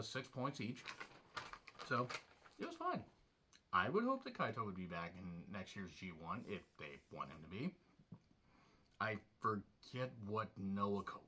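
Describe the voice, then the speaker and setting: Male host of a solo review show. Blunt and sarcastic, swears freely, bright and forceful voice at an ordinary pitch.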